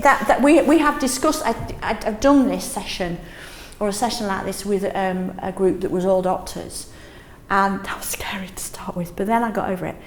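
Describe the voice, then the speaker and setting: A middle-aged woman leading a teaching workshop in a classroom, lively, often checking in with "yes?". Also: medium pitch, roomy sound, a little hiss or hum. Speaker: teaching trainer.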